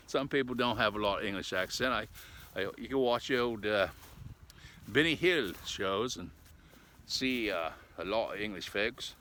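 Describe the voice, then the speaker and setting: Chatty man rambling outdoors, bright voice. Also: fairly low pitch, expressive, a little slow, slight background noise. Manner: chatty, folksy, ends with "eh?", puts on a mock English accent. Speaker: vlogger. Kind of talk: casual rambling vlog talk. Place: outdoors on a walk.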